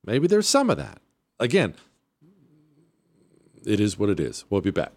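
A man's voice: on the low side, huge pitch swings, unhurried, vocal fry, noisy background. A male talk radio host delivering an opinionated monologue, blunt and sarcastic, hammering points home by repeating them into a studio microphone. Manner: blunt, sarcastic, emphatic repetition.

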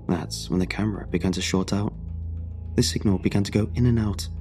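Deep, dark-voiced horror narrator. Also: male voice, steady tone, faint music behind. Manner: measured, dramatic storytelling. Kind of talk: scripted horror story narration.

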